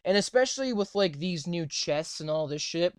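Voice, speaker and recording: A man's voice: high-pitched, animated, moderate pace, clean tone, no echo. A young adult man co-hosting a casual gaming podcast, swearing freely and ranting with repeated "right?". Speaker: podcast co-host.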